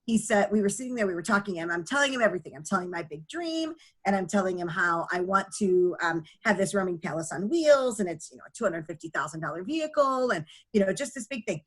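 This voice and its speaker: A woman's voice: mid-range voice, animated, fast talker. A middle-aged woman, a nonprofit founder, telling her story as a guest in an earnest, chatty way with many fillers. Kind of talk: conversational storytelling.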